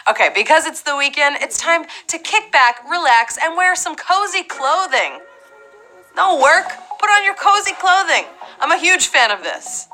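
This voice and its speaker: A young woman hosting a live trivia game show, playful and chatty with quick asides. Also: sits high, sing-song, pushed and bright, faint music behind, low-quality recording.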